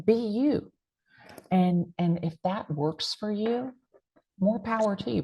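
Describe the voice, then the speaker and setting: A woman's voice: medium pitch, slow, gravelly, muffled recording. A woman with a strong American country accent, giving punchy, emphatic advice full of folksy catchphrases in an interview. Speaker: real estate agent and guest speaker. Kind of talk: motivational interview talk.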